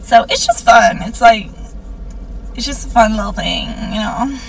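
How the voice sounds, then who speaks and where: A woman's voice: on the high side, a little slow, creaky, recorded from a distance, rough recording. A woman talking casually in a played video clip, full of "like" fillers. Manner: chatty, lots of "like" fillers.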